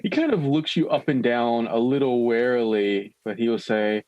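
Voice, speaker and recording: A man narrating a tabletop game as game master, giving lively scene descriptions. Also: medium pitch, normal speed, hardly any pauses, dry recording, dull audio.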